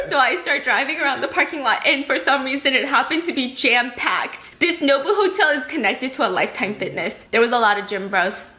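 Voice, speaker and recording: A young woman with a high, bright voice tells a story as the host of a video. She is dramatic, giggly and mocks herself. The room is echoey, with faint music under her. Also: expressive, brisk, hardly any pauses. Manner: dramatic, giggly, self-mocking. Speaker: YouTube host. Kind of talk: casual storytelling.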